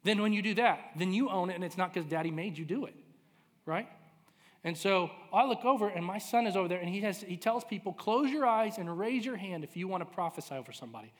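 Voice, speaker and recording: A man in his thirties, a pastor telling a personal story in a sermon, animated and self-deprecating. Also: high voice, fast talker. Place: large church hall. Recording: reverberant hall.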